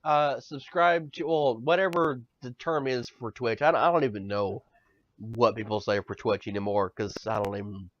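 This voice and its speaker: A man's voice: medium pitch, steady tone, normal speed, no echo. A man co-hosting a podcast in casual banter, ranting with profanity and stammering repeats. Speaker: podcast co-host. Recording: dull lo-fi sound, dry.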